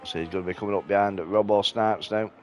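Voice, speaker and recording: A man's voice: lowish voice, fast talker, muffled recording, a little hiss or hum. Sleepy, laid-back male race commentator. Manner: relaxed, sleepy, yawning between calls. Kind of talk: casual live-stream race commentary. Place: at home on a sofa.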